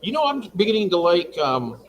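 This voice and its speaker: Man, fairly high voice, lively up-and-down delivery, chatty livestream host, faint hiss behind. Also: fairly quick. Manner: chatty, reads out viewer comments. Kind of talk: casual livestream chat. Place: home fish room.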